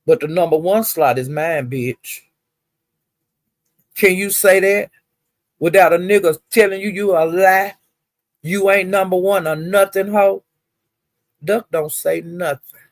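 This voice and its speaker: A woman's voice: fairly low pitch, a little mellow, no room sound. A woman gossiping on a casual livestream, sassy and profane, with drawling "well, honey" asides. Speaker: livestream commentator.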